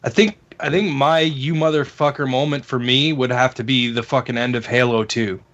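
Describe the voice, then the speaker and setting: A man co-hosting a casual gaming podcast, ranting and cursing with excitement. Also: medium pitch, moderate pace, dull audio. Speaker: podcast co-host.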